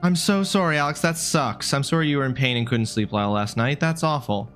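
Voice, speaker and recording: A man's voice: mid-range voice, fairly quick, fairly bright tone, faint music behind. Chatty man streaming a game. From Canada. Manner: chatty, talks straight to chat, apologetic, swears casually. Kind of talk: live let's-play commentary.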